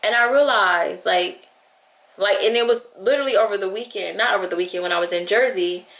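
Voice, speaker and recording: A woman's voice: medium pitch, fairly quick, a bit bright. Tearful, heartfelt woman vlogging in an echoey room. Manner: tearful and heartfelt, close to crying; chatty, lots of "like" and quoting herself. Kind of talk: emotional talk to camera.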